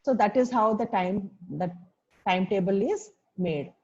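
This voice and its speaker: A woman's voice: medium pitch, unhurried, darkish tone. Woman teaching a story. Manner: explanatory, asks students questions. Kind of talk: explaining a story in a lesson. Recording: dull lo-fi recording.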